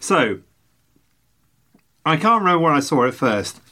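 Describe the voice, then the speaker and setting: A man's voice: fairly high pitch, sing-song, measured pace, pushed and bright. An older man hosting a podcast, chatty and playful, rambling through stories in casual conversation. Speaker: podcast host. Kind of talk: casual chat.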